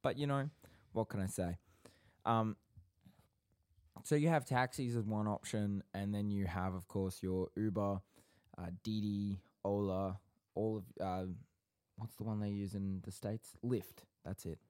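A man with a low, deep voice chats and teases on a podcast, leaning into mock-dramatic asides. He sounds close to the mic in a dry, dead room, a home office setup. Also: fairly even intonation, a little slow, a little mellow, smooth, no room sound. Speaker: podcast co-host. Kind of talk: casual chat. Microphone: podcast microphone.

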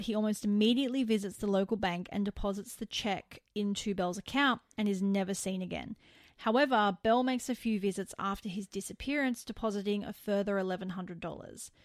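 Brief: woman podcast host, casual true-crime narration, animated asides, dry close mic. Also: medium pitch, no room sound. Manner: animated storytelling, incredulous asides.

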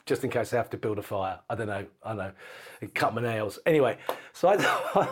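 A middle-aged man tells a gripping story with energy and laughter, his voice sitting at an ordinary pitch. He talks like a guest unwinding in conversation, dropping the odd swear word. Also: fast talker. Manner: lively, laughing, swears casually. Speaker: podcast guest. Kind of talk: anecdotal storytelling.

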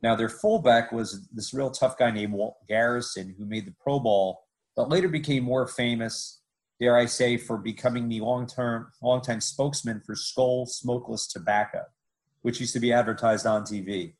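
Male podcast host, mid-pitched, chatty sports-history storyteller with wry asides. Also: normal speed, rough recording. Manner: lively storytelling with joking asides. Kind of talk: casual sports history narration.

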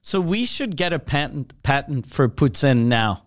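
A man co-hosting a podcast, throwing in deadpan jokes. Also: fairly high pitch, moderate pace, no room sound. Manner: joking, deadpan one-liners. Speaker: podcast co-host. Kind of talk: casual comedic banter.

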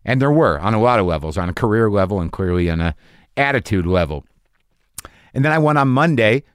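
A man's voice: fairly low pitch, lively intonation, fairly quick, clean tone, no echo, studio quality. A man hosting a podcast, delivering a rambling, self-deprecating and profane comic monologue. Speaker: podcast host.

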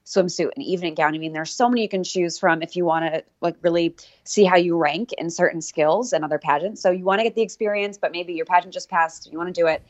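A woman's voice: lowish voice, fast talker, few pauses, dry recording. Upbeat woman co-hosting a podcast, slightly dull sound. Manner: upbeat, casual, talks to listeners directly. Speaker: podcast co-host. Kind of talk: casual podcast chat.

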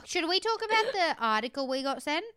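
Giggly, bright-voiced woman. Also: high voice, very animated, no echo. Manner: giggly, chatty, quick to laugh. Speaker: podcast co-host. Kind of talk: casual chat.

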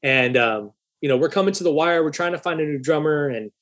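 A young man tells a story casually, swearing freely and acting out a heated argument through quoted dialogue. He's animated and profane, with a voice on the high side and a brisk pace.

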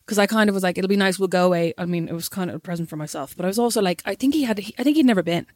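A young Irish woman telling a story in casual chat, animated and swearing freely. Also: mid-range voice, rapid-fire, no room sound. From Ireland.

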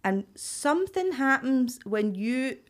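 A woman's voice: high-pitched, slow. Glaswegian woman telling stories animatedly. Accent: Glaswegian Scottish. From Glasgow, Scotland. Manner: animated storytelling, acts out quoted voices. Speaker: podcast guest, actor and writer. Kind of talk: casual chat.

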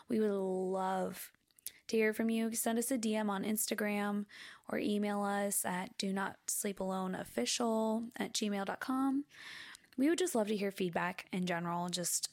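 A woman's voice: fairly high pitch, darkish tone, no room sound, clean studio sound. A woman co-hosting a podcast in casual chat, chatty and self-deprecating. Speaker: podcast co-host.

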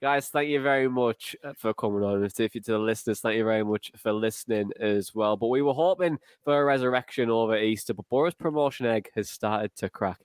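A man's voice: medium pitch, brisk, few pauses, smooth, no echo. A man hosting a football podcast, chatty and jokey, laughing easily as he steers the talk. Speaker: podcast host. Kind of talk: casual podcast chat.

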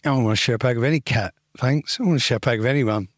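A man's voice: medium pitch, racing, no echo, clean studio sound. A young man co-hosting a podcast, throwing in teasing, sardonic remarks and swearing. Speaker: podcast co-host. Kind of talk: casual banter.

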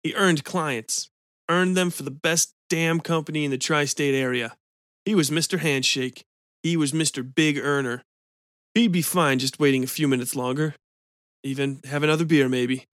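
A man hosting a podcast and reading a short story in an even, measured way. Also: a little high, no echo, clean studio sound. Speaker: podcast host and narrator. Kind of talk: scripted story narration.

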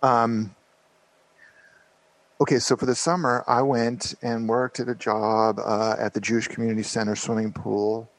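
A man's voice: mid-range voice, little pitch movement, measured pace, rough recording. A man in his fifties, a podcast guest, telling a rambling story with lots of fillers and restarts. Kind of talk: casual storytelling interview.

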